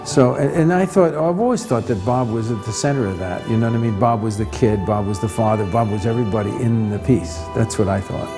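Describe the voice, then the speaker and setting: A man's voice: on the low side, fairly quick, few pauses, music in the background. A man interviewed about a former colleague, speaking hesitantly and affectionately, searching for words. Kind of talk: documentary interview.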